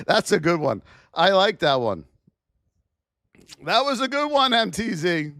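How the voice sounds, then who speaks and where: A man hosting a live trading lesson, firing rhetorical questions at his chat in a high-energy, hype-driven way. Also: fairly bright tone, dry recording, studio quality. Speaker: trading educator hosting a livestream.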